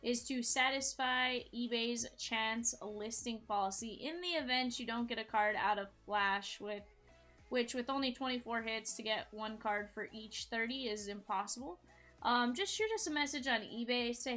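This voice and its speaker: A woman's voice: fairly high pitch, moderate pace, fairly bright tone, faint music behind. A woman hosting a live card break stream, chatty and upbeat, talking straight to her viewers.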